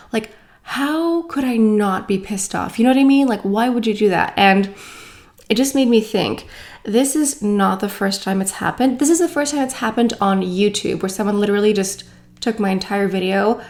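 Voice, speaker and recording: A woman beauty vlogger chats casually to her viewers, venting with plenty of exasperation. Her talk is loose and full of fillers, in an everyday mid-pitched voice. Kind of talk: casual chat to camera.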